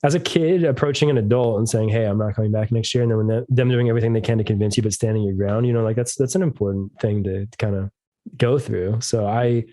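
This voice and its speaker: A man in his thirties chats on a podcast, his stories delivered in a flat, deadpan monotone. His voice sits lowish and mellow. The sound is dry and close. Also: fast talker, no echo. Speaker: podcast guest, musician. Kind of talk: casual storytelling chat.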